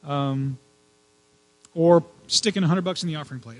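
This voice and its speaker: Man preaching in a chatty, halting way. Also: a little high, rough recording. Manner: conversational preaching with fillers and repeated words. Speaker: pastor. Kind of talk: sermon.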